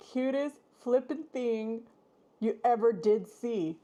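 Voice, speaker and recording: A woman hosts a casual live stream, gushing effusively to viewers as her voice swoops up high whenever excitement hits. She's unhurried, and the sound is lo-fi.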